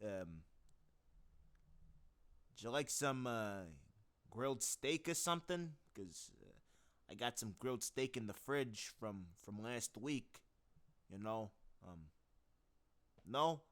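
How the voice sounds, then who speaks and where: A man voicing a friendly, chatty Italian mobster mercenary, loud and schmoozing. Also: mid-range voice, animated, slow, pauses often.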